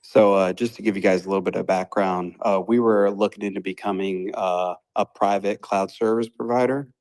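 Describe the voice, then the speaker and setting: A company founder explaining his business in a casual group audio chat, measured, with "you know" fillers. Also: low-pitched, darkish tone.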